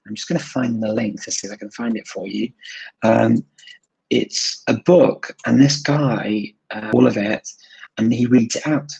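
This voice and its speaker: A man's voice: medium pitch, gravelly, a little mellow, husky, dry recording, highs cut off. A man hosting a live stream, answering viewer questions in a thoughtful, casual way with many fillers, sometimes switching languages. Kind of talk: live Q&A chat.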